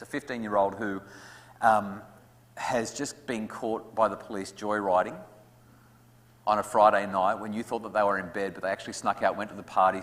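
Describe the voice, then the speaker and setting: A man's voice: on the low side, a bit bright. An Australian man speaking to parents in a conversational, humorous way as a guest speaker at a school talk. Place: school hall. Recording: long hall reverb.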